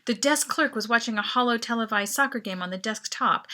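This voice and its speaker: A woman author reading her own novel aloud as lively, expressive first-person narration. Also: on the high side, a little fast.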